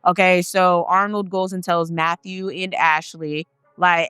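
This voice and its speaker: Chatty woman spinning a spooky story to her viewers, bright clear voice, dry sound, swears a lot. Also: on the low side, little pitch movement, unhurried, no echo, faint music behind. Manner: chatty, profane, addresses the viewers directly. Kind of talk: casual storytelling of a paranormal tale.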